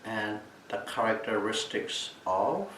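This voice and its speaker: A male meditation teacher giving a calm Buddhist Dhamma talk at a retreat, repeating and restating key terms as he explains them. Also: lowish voice, slow. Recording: echoey room, mic at a distance, faint background noise.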